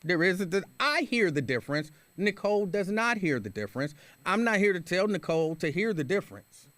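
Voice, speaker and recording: A middle-aged man hosts a talk radio show, reading listener comments aloud and giving his own opinions. He speaks casually and restarts sentences often. His voice sits a little high for a man, and the studio recording is dry and close. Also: sing-song, a little fast, a bit bright, no echo. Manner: conversational, opinionated, with frequent restarts.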